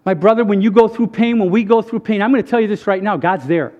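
A man's voice: high-pitched, quick pace, highs cut off. A man giving a conversational sermon testimony, earnest and emphatic, speaking straight to the crowd. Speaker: speaker sharing a faith testimony.

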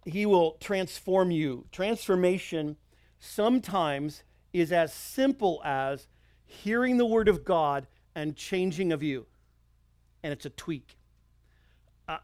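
A man's voice: high voice, no room sound, clean studio sound. A middle-aged male pastor preaching a sermon, earnest and conversational, telling personal stories and acting out quotes. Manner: earnest, conversational, with frequent restarts and acted-out quotes.

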